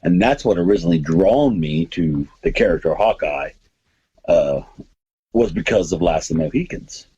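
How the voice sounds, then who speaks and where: A man's voice: lowish voice, huge pitch swings, moderate pace, creaky, mellow, breathy edge, dull audio. A man hosting a podcast, chatting casually and rambling enthusiastically about comics and movies. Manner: rambling, enthusiastic, many restarts. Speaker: podcast host.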